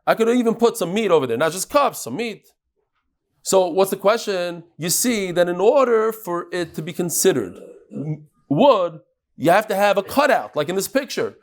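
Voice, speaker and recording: An animated man teaches a daily Talmud class. His voice sits a bit high, and he keeps turning to call on students in the room. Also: normal speed. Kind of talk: lively Daf Yomi class.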